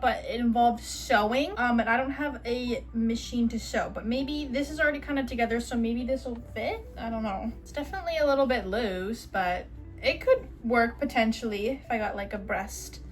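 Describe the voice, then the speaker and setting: A young woman chatting casually as a vlogger while sorting and cutting up old clothes, rambling and swearing now and then, with the hiccups. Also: on the high side.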